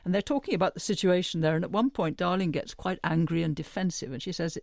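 Male host, high voice, dry sound, measured. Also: gravelly, dry recording. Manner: measured, introducing readings and questions. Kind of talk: book discussion hosting.

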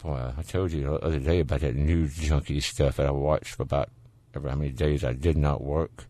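Very low man's voice, Southern US accent, call-in radio host, folksy, joking, dry close studio mic. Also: fairly even intonation, brisk, warm tone, no echo. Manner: folksy, joking, laughs easily. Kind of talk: casual talk radio chat. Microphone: studio microphone.

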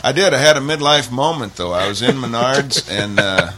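A man's voice: mid-range voice, moderate pace, background noise. A man in his forties telling a rambling, self-mocking comic story. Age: 40s. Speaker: comedian. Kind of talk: stand-up comedy bit in conversation.

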